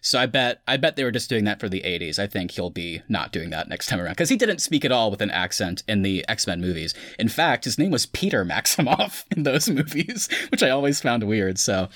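A man's voice: fairly low pitch, sing-song, brisk, hardly any pauses, a bit bright, dry recording, studio quality. A man hosting a casual podcast, recapping an episode and chatting loosely with friends. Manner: recaps plot then chats loosely with friends. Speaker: podcast host.

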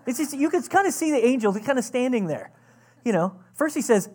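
A woman's voice: on the high side, big pitch swings, quick pace, a little mellow. A woman pastor giving a conversational, earnest sermon, often restarting her sentences.

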